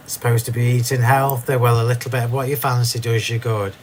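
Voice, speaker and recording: A man's voice: medium pitch, brisk. A man hosts a live crafting demonstration from his home craft room. He talks in a chatty, rambling way, restarting sentences and laughing at his own mishaps, in an ordinary mid-range voice. A faint background hiss sits under the recording. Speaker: craft demo host.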